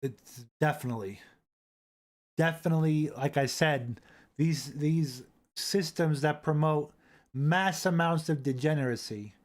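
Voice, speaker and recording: A man's voice: on the high side, unhurried. Rambling male live-stream host. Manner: rambling, repeats words, reads chat aloud. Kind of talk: casual live-stream commentary. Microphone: desk mic on a boom arm.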